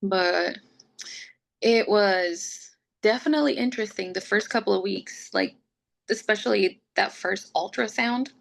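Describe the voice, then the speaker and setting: Gravelly young woman telling her story. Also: mid-range voice, unhurried. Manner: chatty, fills speech with "like", laughs often; gets emotional and open. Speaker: podcast guest sharing her pregnancy story. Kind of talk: casual personal storytelling.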